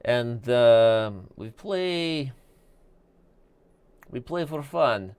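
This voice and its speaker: A man's voice: mid-range voice, expressive, very slow, darkish tone, clean tone. A man putting on a broken-English persona while signing off a chess stream. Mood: playful. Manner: clipped broken grammar, sing-song questions.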